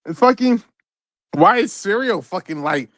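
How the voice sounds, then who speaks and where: A man's voice: high voice, lively intonation, measured pace, fairly bright tone, no room sound. A man co-hosting a podcast, ranting in casual, profane, rambling political commentary and repeating his words. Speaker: podcast co-host.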